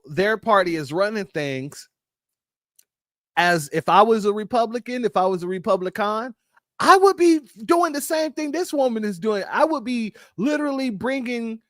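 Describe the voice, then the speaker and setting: A man's voice: high voice, fairly bright tone, no echo, studio quality. Emphatic man hosting a commentary stream. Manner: emphatic, addresses viewers as family. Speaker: commentary show host. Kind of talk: casual political commentary.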